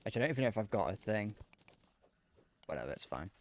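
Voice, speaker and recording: A man's voice: fairly low pitch, very animated, rapid-fire. A man chatting casually on a live stream while gaming, rambling, joking and answering chat messages.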